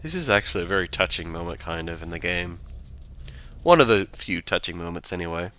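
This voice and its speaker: Low-voiced rambling game commentator man. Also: lively intonation, brisk, sharp tone. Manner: rambling, jokey, self-correcting. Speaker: let's play host.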